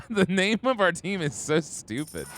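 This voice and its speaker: A man giving excitable, joking let's-play commentary as a gaming streamer, reading the game text aloud. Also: high voice, unhurried. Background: game music.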